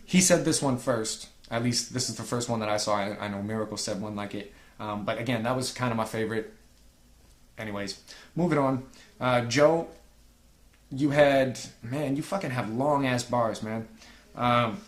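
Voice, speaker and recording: A man talks through rap battle verses in a loose, profane, laid-back way, sometimes tripping over the lines he reads out. His voice sits at a middling pitch. The room around him is echoey. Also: moderate pace. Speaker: rap battle league reviewer. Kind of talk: casual review commentary.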